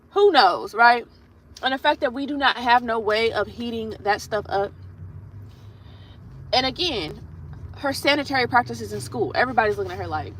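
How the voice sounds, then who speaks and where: Bright-voiced woman telling a story casually. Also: on the high side, normal speed, pauses often, rough recording. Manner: blunt, profane, chatty storyteller. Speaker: nail artist livestream host. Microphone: streaming setup while doing her nails.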